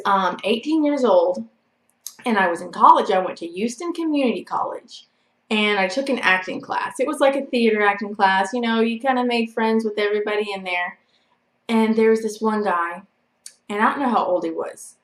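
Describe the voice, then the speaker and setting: Woman vlogger, rambling storyteller, mid-pitched, echoey room. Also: moderate pace, a bit bright. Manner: chatty and rambling, full of "like" and "you know". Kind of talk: casual storytelling to camera.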